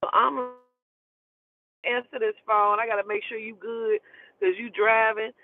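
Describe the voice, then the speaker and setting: A woman's voice: a little high, flat delivery, unhurried. Blunt, profane woman on a tinny line. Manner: blunt, profane, emotional retelling. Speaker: storyteller. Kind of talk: casual storytelling. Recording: tinny phone-like dry sound.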